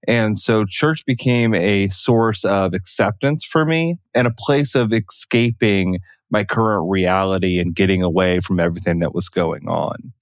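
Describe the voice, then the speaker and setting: A man interviewed on a podcast, telling his story in an earnest, steady way. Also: fairly low pitch, no room sound. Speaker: guest, therapist and author. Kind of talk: interview answers. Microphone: good podcast microphone.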